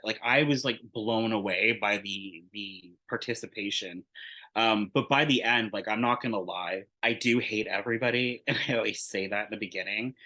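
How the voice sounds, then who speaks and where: Bright-voiced man rambling through a story. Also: lowish voice, normal speed, low-quality recording. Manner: rambling, heavy use of "like", frequent restarts; candid, swears freely. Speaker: interview guest. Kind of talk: casual anecdotal storytelling.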